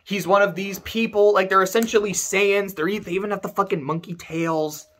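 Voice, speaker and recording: A man's voice: high-pitched, steady tone, brisk, a bit bright, a little hiss or hum. A man giving a casual, sarcastic and profane rant as a video game reviewer.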